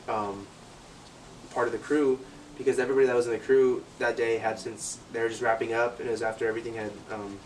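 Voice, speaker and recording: Young male interviewee, casual storyteller, loose and filler-heavy, mid pitch, recorded far from the mic in a noisy space. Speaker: security guard interviewee. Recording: distant mic with clear background noise.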